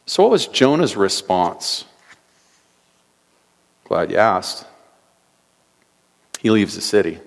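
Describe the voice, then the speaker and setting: A man's voice: on the low side, sing-song, slow, gravelly, pauses often. A man preaching an earnest sermon, reading scripture aloud and asking rhetorical questions. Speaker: pastor. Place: church sanctuary. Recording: long church hall reverb.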